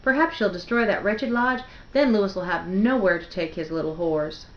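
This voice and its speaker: An elderly grandmother with a drawling Southern accent speaks in a dry, arch way, brisk and sharp when crossed, as a woman reading a novel aloud puts her on. The recording is roomy and a little dull. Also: medium pitch, lightly acted. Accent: Southern American, put on.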